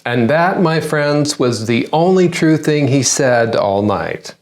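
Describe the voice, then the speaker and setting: A man's voice: a little high, lively intonation, slow. A man hosting a comedy news segment, delivering a satirical monologue with sarcastic punchlines.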